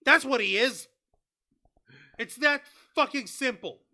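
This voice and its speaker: Blunt, cursing high-voiced male co-host. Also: slow, sharp tone. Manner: blunt, profane, sarcastic. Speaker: podcast co-host. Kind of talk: casual wrestling review chat.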